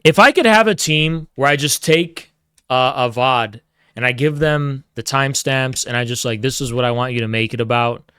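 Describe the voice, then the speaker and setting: A man's voice: medium pitch, moderate pace, sharp tone, smooth, dry recording, clean studio sound. A man hosting a livestream, ranting casually with heavy swearing and mock-grandiose taunts. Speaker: livestream host. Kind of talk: casual streaming rant.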